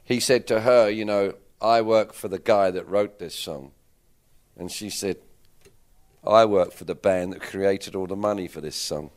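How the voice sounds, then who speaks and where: A man's voice: lowish voice, measured pace, a little mellow. A man in his sixties with an English accent, answering interview questions in a rambling, candid way that keeps correcting itself. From England. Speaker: interviewed musician. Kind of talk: casual interview chat.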